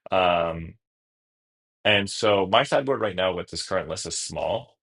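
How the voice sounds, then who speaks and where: A man streaming a card game, talking through each move out loud in a casual, self-correcting way. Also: deep voice, animated, measured pace, gravelly, low-quality recording. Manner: thinks aloud through each move, casual, trailing restarts. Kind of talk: live-stream gameplay commentary.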